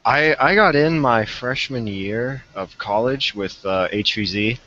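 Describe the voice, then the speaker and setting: Appearing as a podcast guest, a young man chats casually and a bit hesitantly, using fillers and poking fun at himself. He speaks unhurriedly at a medium pitch, with a crowd audible behind him and dull lo-fi remote call audio.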